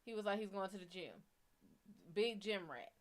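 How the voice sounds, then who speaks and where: A woman's voice: medium pitch, moderate pace. A woman hosting a show, telling a story in a blunt, profane and heated way. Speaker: psychic reader and show host. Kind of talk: casual storytelling.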